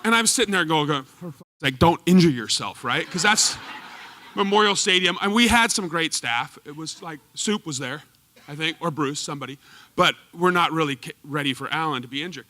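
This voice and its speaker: A man telling lively, laughing stories about his old coach to a live audience, acting out the quotes. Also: on the high side, a little fast. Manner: animated, laughing, acts out quotes. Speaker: former goalkeeper telling stories at a tribute event. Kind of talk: storytelling speech to a live audience. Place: performance hall stage.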